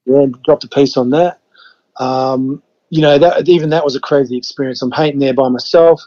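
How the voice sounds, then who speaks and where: Mid-range and dark in tone, this voice belongs to a Western Australian in his fifties spinning casual yarns as a podcast guest. He speaks at a moderate pace with fairly even intonation, swears freely, acts out how he reacted, and stays relaxed throughout. The sound quality is lo-fi.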